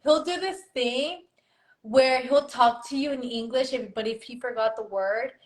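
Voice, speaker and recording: A young woman in casual conversation, telling family stories with animated energy. Her voice sits a little high, and she slides between English and Spanish mid-sentence. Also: a little slow, low-quality recording. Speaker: guest. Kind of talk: casual chat.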